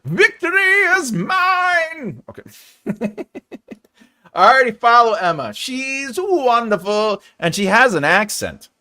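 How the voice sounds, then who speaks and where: A man hosting a loose live stream about writing, slightly high-pitched and swinging his voice up and down with a lot of life. He rambles playfully and repeats phrases just for fun while he chats with viewers. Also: lively intonation, a little slow, bright, forceful tone. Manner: chats to live viewers and reads their comments. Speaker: livestream host for a writing channel.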